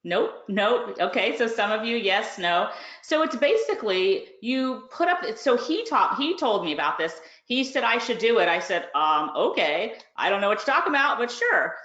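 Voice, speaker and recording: A woman's voice: mid-range voice, big pitch swings, moderate pace, hardly any pauses, a bit bright. A woman casually telling a story on a webinar, chatty and laughing, acting out the phone calls she got. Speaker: course reviewer and online business host. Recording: roomy, dull lo-fi webinar audio.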